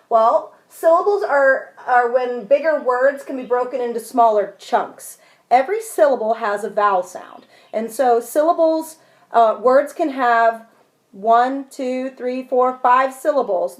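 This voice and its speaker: A woman explaining a lesson clearly and patiently, giving spoken examples. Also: on the high side, darkish tone. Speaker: teacher. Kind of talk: instructional video lesson.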